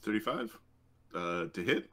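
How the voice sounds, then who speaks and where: Slow, low-voiced male game master. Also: huge pitch swings, a bit bright. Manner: unhurried, thinking aloud with many fillers. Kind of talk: running a tabletop game.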